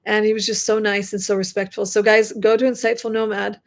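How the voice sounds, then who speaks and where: Woman chatting on a live stream at home, bit of vocal fry, rambles with lots of likes and ums. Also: medium pitch, level tone, a little fast. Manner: chatty, rambling, many fillers. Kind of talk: casual live stream chat. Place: her home at night. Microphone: computer mic.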